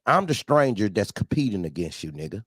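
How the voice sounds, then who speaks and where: A man hosting a casual talk show about trucking, blunt and animated, talking in street slang and often laughing. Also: fairly low pitch, a little fast, husky, no echo, studio quality.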